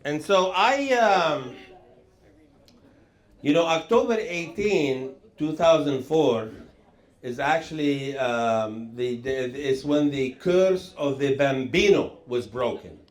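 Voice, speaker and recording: Man in his 60s, high rambling voice. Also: slow pace. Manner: rambling, animated, jumps up high for acted quotes. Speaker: comedian host. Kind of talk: stand-up comedy storytelling. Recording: roomy echo.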